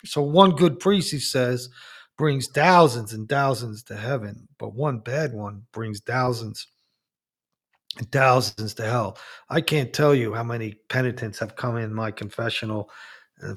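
A Catholic priest talking and telling stories in an emphatic, animated way, with frequent restarts. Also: male voice, medium pitch, a little slow. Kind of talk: preaching talk with storytelling.

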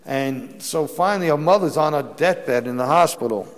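A man's voice: a little high, normal speed. A man, a Catholic priest, preaching a sermon and telling stories with emphatic bursts and frequent restarts. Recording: long hall reverb.

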